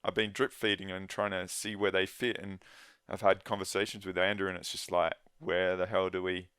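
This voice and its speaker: A man speaking as a guest in a casual conversation, earnest and halting, often restarting his sentences. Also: deep voice, flat delivery, pushed and bright, clean tone, dry recording, studio quality.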